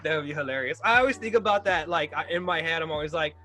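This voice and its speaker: A man's voice: a little high, fast talker, sharp tone, soft background music. A man hosting a casual podcast chat, crude and joking, laughing often. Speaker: podcast host.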